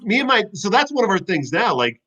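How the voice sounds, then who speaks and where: A man with a fairly high voice tells football stories in a loose podcast chat, swearing freely and getting animated. The recording sounds slightly dull and lo-fi. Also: brisk. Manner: profane, animated storytelling. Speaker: guest, former football player.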